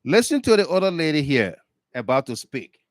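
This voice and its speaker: A man hosting a radio talk show, commenting in a drawn-out, emphatic, chatty way. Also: on the high side, sing-song, no echo.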